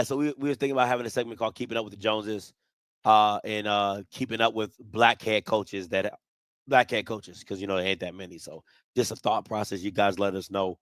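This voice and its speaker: A man's voice: on the low side, fairly bright tone, no room sound. A man hosting a casual sports talk show, trash-talking rival fans with lots of repetition and rhetorical questions. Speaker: podcast host.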